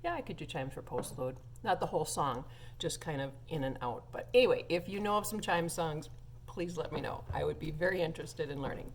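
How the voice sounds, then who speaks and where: A woman's voice: low-pitched, animated, a little fast, slight background noise. A woman who plays organ in church, telling a funny story in a chatty way with lots of fillers and laughs. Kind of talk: casual anecdote to viewers.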